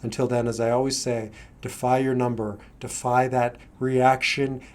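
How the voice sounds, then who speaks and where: A man's voice: mid-range voice, little pitch movement, normal speed, a little mellow. Earnest middle-aged man coaching. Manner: earnest, conversational, acts out his own side of an argument. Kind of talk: motivational talk to camera.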